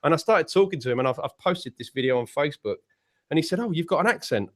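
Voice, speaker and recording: English man, slightly high voice, casual panel chat, rambling anecdotes, lots of restarts. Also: animated, quick pace. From United Kingdom. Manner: rambling storytelling with many restarts. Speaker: panel guest, musician.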